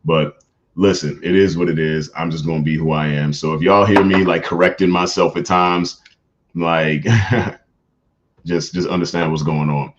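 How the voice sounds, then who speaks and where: Deep-voiced dude on a stream, chill and slangy, laughs a lot, muffled lo-fi mic. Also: male voice, steady tone, unhurried, slight background noise. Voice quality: deep natural voice. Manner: laid-back, slangy, laughs often, reads out comments. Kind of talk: casual chat with live chat readers.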